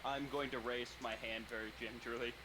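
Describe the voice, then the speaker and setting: A man's voice: mid-range voice, steady tone, fairly quick, sharp tone, a little hiss or hum, rough recording. A man playing a tabletop role-playing game in a playful, jokey way. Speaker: player. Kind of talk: casual tabletop role-play.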